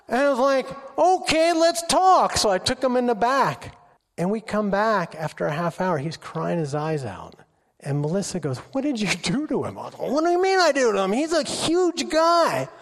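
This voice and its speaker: A middle-aged man giving an informal sermon full of stories, acting out quotes in an excited voice. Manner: animated, acts out quotes with high excited pitch. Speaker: preacher. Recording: long hall reverb.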